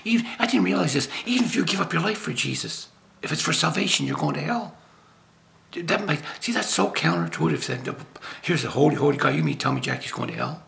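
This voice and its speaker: Older man, gravelly voice, lay preacher, rambling jokey talk, from Nova Scotia. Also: on the high side, expressive, brisk, a bit bright. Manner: rambling, jokey, with frequent laughs and restarts. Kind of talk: informal spiritual talk.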